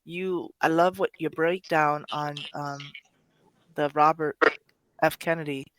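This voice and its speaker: A woman's voice: low voice, fairly even intonation, slow pace, slight background noise. A woman hosting a poetry podcast, speaking emotionally in casual chat, rambling with many restarts and self-corrections. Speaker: poetry show host.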